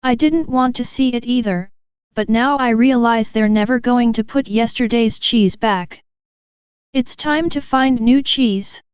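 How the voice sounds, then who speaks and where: A woman's voice: on the high side, measured pace, clear, resonant tone, dry recording, close to an everyday voice. A woman voicing a little man in a storybook who mocks his own fear and speaks earnestly.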